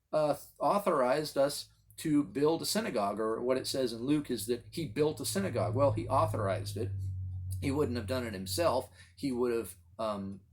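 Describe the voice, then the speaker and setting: Husky-voiced man teaching Bible study. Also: mid-range voice. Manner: earnest, emphatic teaching with restarts. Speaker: pastor.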